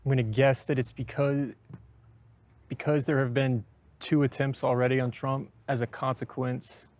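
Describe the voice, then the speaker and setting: A man speaking as a guest in a casual conversation, measured and thoughtful as he works through ideas. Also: mid-range voice, little pitch movement, darkish tone. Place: outdoors on a college campus.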